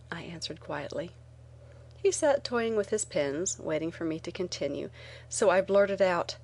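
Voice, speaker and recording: A woman reading a first-person memoir aloud in a measured, earnest way. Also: lowish voice. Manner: measured, earnest reading with lively quoted lines. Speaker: narrator. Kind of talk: audiobook narration of a memoir.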